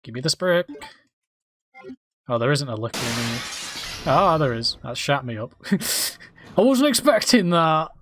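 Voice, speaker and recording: A man's voice: a little high, very animated, measured pace, pauses often, noisy background. A man giving crude, rambling, jokey commentary while streaming a game. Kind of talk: casual gameplay commentary.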